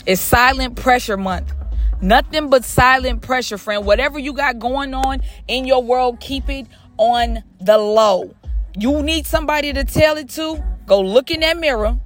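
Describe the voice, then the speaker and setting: Emphatic motivational woman with soft music. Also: sits high, a little slow. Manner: emphatic, repeats phrases, addresses listener as friend. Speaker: podcast host. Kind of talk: motivational monologue.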